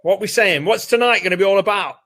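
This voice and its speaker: A man's voice: high-pitched, quick pace, vocal fry, a bit bright. Chatty British man hosting a live stream. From United Kingdom. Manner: upbeat, chatty, reads out viewer names. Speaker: co-host of a live training webinar. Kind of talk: casual live-stream chat. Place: home room with doors open.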